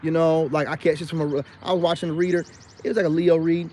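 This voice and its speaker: Man, high-pitched voice, boastful, defiant, rambling rant, outdoors. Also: little pitch movement, fast talker, a little mellow. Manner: repeats filler asides often. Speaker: self-styled life coach vlogger. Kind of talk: unscripted rant to camera.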